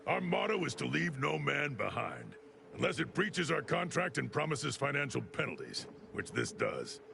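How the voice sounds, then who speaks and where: A man's voice: on the high side, big pitch swings, moderate pace, creaky, noisy background, heavily acted. An actor playing a curt male military commander who gives orders in a video game.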